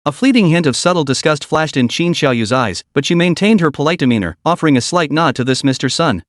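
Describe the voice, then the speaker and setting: Lively higher-voiced male story narrator. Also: brisk, hardly any pauses, dry recording, clean studio sound. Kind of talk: scripted story recap narration.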